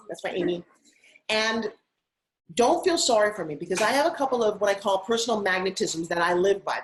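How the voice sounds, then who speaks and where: A woman's voice: mid-range voice, poor audio. Upbeat middle-aged woman sharing her story. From Long Island, United States. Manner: upbeat, animated, persuasive storyteller. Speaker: guest, TV host and spokesperson. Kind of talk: motivational interview talk.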